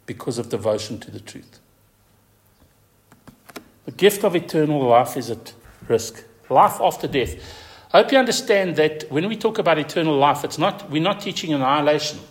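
A man's voice: expressive, moderate pace. Emphatic man preaching a sermon. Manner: emphatic preaching, repeating key words, pitch swinging high for stress. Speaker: pastor.

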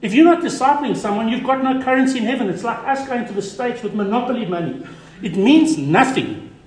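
A man preaching a sermon as pastor, emphatic, repeating key words and dropping to a quiet voice for stress. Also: very high-pitched, lively intonation, fairly quick, roomy sound, a little hiss or hum.

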